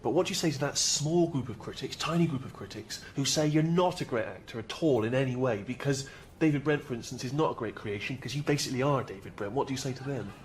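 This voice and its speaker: A man's voice: mid-range voice, quick pace, few pauses, a little hiss or hum, lightly acted. An actor playing an awkward male talent agent in a sitcom, talking in a hesitant, placating way. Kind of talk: sitcom acting.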